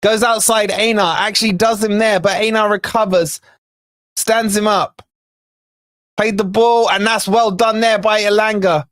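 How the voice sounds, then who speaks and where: A high-voiced male football fan hosts a live watch-along for a fan channel, commentating at a moderate pace. He's excitable, shouting when chances come and then settling down, with chatty asides to viewers in the chat. The sound is clean and studio-quality with no echo.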